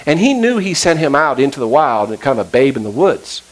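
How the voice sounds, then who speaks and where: A man's voice: medium pitch, very animated, brisk, rough recording. A male pastor preaching a sermon, retelling a story with acted-out quotes and casual asides.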